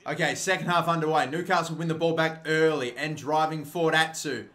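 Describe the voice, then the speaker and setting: A young man with a high voice calls a football match as a passionate fan. He talks fast, swears freely and vents his frustration at every missed chance. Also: steady tone. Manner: swearing, frustrated outbursts and shouted goal reactions. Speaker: gaming YouTuber commentating a football match. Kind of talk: excited fan commentary over game highlights.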